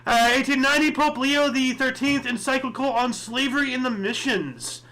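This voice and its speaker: A man's voice: very high-pitched, moderate pace, bright, forceful tone. A man hosting a casual history podcast, reading dates and events and rambling into chatty asides with lots of fillers. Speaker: podcast host.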